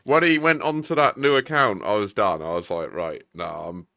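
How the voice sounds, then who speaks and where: A man's voice: on the low side, normal speed, creaky, bright, forceful tone, dry recording, studio quality. A man, chatting casually with viewers on a game stream and laughing often. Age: 30s. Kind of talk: casual live-stream chat.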